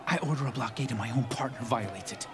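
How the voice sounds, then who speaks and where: An actor playing a stern young male councilor in an animated series, reproachful. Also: mid-range voice, fast talker, music in the background, lightly acted.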